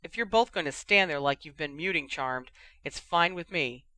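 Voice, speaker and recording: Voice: medium pitch, lively intonation, normal speed, pushed and bright, dry recording. A reader voicing Ron, a smug and irritable young man who speaks abruptly.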